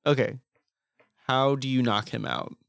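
A man running a tabletop game, his mid-pitched voice gravelly with fry. He keeps things upbeat and prompts players quickly, recorded dry and close. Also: no room sound. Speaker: game master.

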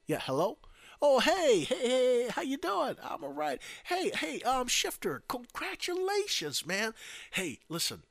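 A man's voice: medium pitch, normal speed, sharp tone. A man voicing an outgoing male president who rants and swears in anger, then turns fake-friendly on a phone call.

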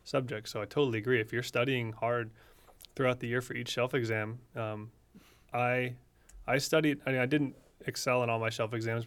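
Flat-voiced young man podcast host. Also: medium pitch. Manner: relaxed, conversational, gives advice. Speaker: podcast co-host, medical student. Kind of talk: casual podcast chat.

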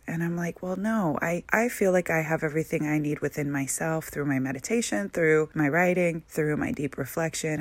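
A woman hosting a spiritual talk show, sharing her experience in an earnest, gentle and reflective monologue. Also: deep voice, dry recording. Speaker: spiritual podcast host.

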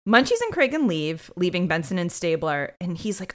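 A woman co-hosts a podcast, casually recapping a TV episode and animatedly acting out the characters' lines. Her voice is on the low side, and she talks a little fast.

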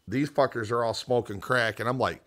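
A man's voice: mid-range voice, brisk. A man co-hosting a podcast, telling a story in a casual, profane way. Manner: profane, animated storyteller with quoted voices. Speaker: podcast co-host.

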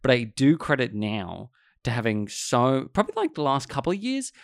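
A man hosting a podcast, chatting casually with his guest and sharing his own story in a halting, filler-heavy way. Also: medium pitch, wildly swooping pitch, gravelly, dry recording, studio quality. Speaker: podcast host. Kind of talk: casual interview chat.

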